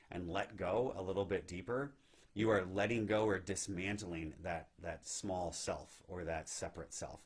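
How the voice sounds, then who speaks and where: A man giving a gentle, reflective spiritual teaching talk on meditation, often checking in with "right?". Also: sits low, husky. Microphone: live video stream.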